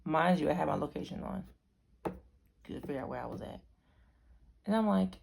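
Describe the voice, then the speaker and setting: Low, gravelly young woman vlogger. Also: lively intonation, moderate pace, long pauses, a little mellow, a little hiss or hum. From Arizona. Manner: rambling, self-correcting, chatty. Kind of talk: casual storytelling to camera.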